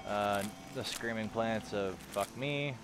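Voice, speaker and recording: A man's voice: fairly low pitch, slow pace. A man streaming a game, joking crudely and talking back at the game as he plays. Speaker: gaming streamer. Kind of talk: casual let's play commentary. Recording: game music behind voice. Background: game music.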